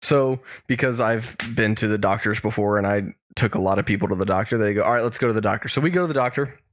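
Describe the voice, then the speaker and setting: A man's voice: fairly low pitch, fast. A man co-hosting a podcast, telling a long story in casual chat with many restarts and chuckles. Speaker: podcast co-host.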